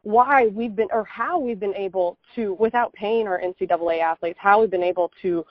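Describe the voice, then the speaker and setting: Lively young woman on a dull mic. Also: mid-range voice, no room sound. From United States. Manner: lively, laughing, quick talker. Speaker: podcast guest. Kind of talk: casual conversational chat.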